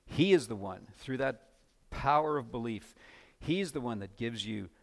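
A man preaching a sermon as pastor, earnest, building to loud emphatic passages. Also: mid-range voice, animated, unhurried, vocal fry.

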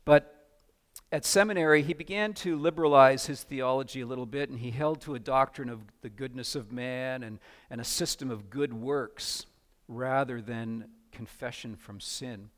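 A man preaching a sermon as pastor, earnest, building to loud emphatic passages. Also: medium pitch, normal speed.

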